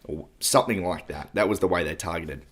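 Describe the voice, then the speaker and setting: A man co-hosting a podcast, explaining things in a steady, casual way with frequent fillers. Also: sits low, fairly quick, husky. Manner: explanatory, steady, uses fillers like "you know". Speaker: podcast co-host. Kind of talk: casual chat.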